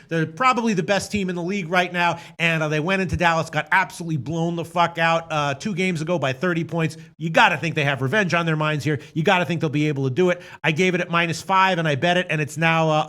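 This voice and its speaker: Excitable, foul-mouthed male betting host with a high, sharp voice. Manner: excitable, profane, goes over his picks. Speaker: sports betting show host. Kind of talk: casual betting-show chat.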